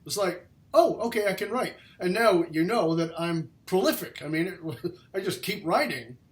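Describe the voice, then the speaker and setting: A middle-aged man hosting a casual interview. He tells stories with animation and laughs often. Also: high-pitched. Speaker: podcast host. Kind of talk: casual chat.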